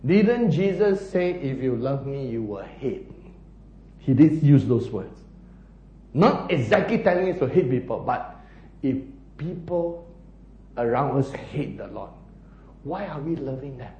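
A man preaching a sermon, animated and often laughing as he acts out the story. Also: medium pitch, measured pace, pauses often, reverberant, muffled recording. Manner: animated, laughing, acting out scenes.

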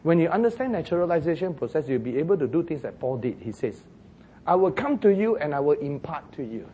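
A man preaching a sermon as pastor, telling the story in an animated way, acting out the quoted voices and chuckling at his own jokes. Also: fairly high pitch, slight background noise.

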